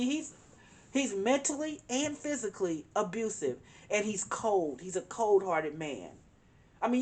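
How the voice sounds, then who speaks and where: A woman giving a tarot reading, speaking earnestly and emphatically, repeating her points and calling on spirit guides. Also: mid-range voice. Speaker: tarot reader.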